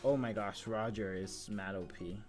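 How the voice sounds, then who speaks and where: A man's voice: on the low side, normal speed, faint music behind. A man streaming live commentary on a mobile game match, hyped and crudely joking, full of exclamations.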